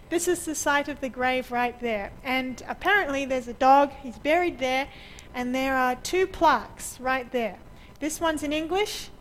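Woman preacher with a high voice, chatty storytelling sermon, laughs a lot. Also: slight background noise, rough recording. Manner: lively anecdotal storyteller who laughs often.

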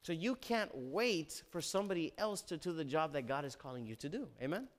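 A man preaching a sermon in a church sanctuary, reading scripture aloud and breaking off with loud emphasis, low asides and calls of "amen?". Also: expressive, a little fast.

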